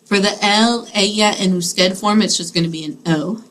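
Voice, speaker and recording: A woman's voice: medium pitch, normal speed, fairly bright tone, slight background noise, poor audio. A woman teaching a Spanish grammar lesson in a classroom, explaining patiently step by step and checking in with her students.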